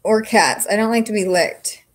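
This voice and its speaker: A woman's voice: medium pitch, moderate pace. Chatty, foul-mouthed woman streaming from home. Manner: chatty, frank, swears freely. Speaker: livestream host. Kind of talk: casual livestream chat with viewers.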